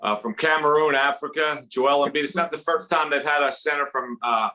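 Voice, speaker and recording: Bright-voiced Philadelphia comedian. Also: male voice, on the high side. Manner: rambling, jokey, quick impressions. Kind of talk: stand-up comedy at a fundraiser.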